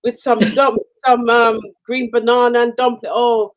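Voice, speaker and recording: A woman co-hosting a radio chat show, telling personal stories in an expressive way. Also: a little high, a little slow, muffled recording. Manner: warm storytelling, expressive.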